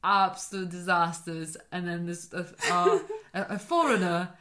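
A woman's voice: lowish voice, animated, normal speed, pushed and bright. A young adult woman chatting casually with playful, joking banter. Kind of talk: casual chat.

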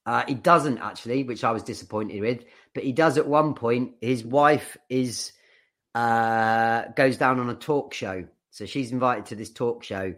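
A man's voice: medium pitch, a little slow, a bit bright. A young man co-hosting a podcast, chatting loosely with lots of swearing and restarts. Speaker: podcast co-host. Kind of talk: casual chat.

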